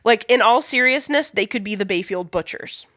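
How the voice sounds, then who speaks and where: Woman cohost chatting away, kinda rambly, bright sharp voice, dry close sound. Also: on the high side, expressive, moderate pace, dry recording. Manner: chatty, rambling with restarts and frequent swearing. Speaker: podcast co-host. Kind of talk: casual chat.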